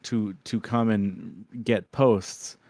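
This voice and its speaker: A man co-hosting a casual podcast, talking haltingly with many fillers and restarts. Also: lowish voice, steady tone, a little mellow, no echo. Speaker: podcast co-host. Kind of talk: casual group chat.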